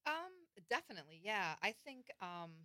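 A woman's voice: mid-range voice, sing-song, normal speed, sharp tone, dry recording. A woman with a Wisconsin accent, a comedian and guest, talking easily in casual chat with frequent ums.

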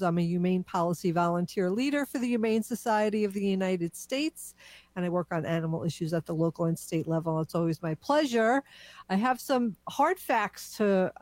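Lady guest on radio, lower voice, laughs easy, dry close mic. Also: moderate pace, a little mellow, dry recording. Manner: friendly, laughs easily, conversational. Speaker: animal advocate guest. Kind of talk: casual radio chat.

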